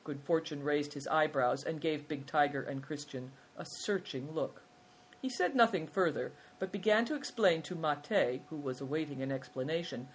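A narrator reading a storybook aloud in a measured, steady way. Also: medium pitch, slight background noise, rough recording.

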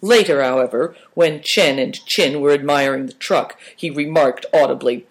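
A man reading a story aloud as narrator, in a measured storytelling manner. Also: a little high. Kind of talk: audiobook narration.

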